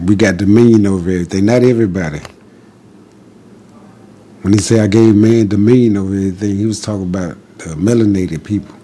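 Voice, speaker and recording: A man's voice: lowish voice, quick pace, mellow, a little hiss or hum. A man giving an impassioned, defiant monologue as a podcast guest, preaching in short repeated declarations.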